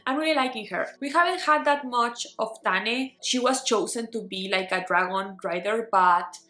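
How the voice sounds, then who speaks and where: A young woman who grew up speaking chats through her reading day, playful and full of "like" fillers. Her voice sits a little high. The room is echoey, with light music under her talk. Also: moderate pace, sharp tone. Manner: chatty, playful, rambling with many "like" fillers. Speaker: book vlogger. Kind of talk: casual vlog chat. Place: bedroom at home.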